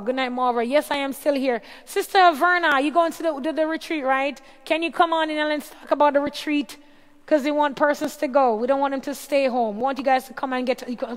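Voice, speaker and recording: A woman hosting a casual livestream, reading out viewers' names one by one, her voice a little tired. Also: high-pitched. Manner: reads out viewer names and greets them warmly one by one. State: voice tiring. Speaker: livestream host. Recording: long hall reverb.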